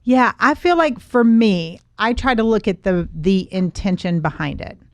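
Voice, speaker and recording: A middle-aged woman hosting a podcast, chatting casually in a playful, animated way. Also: mid-range voice, moderate pace, no room sound. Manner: animated, playful, trails off and restarts. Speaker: podcast host.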